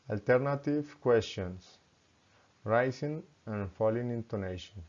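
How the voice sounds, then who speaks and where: A man who is a student, reading pronunciation drills aloud slowly and carefully, word by word. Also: mid-range voice, a little mellow, lo-fi sound.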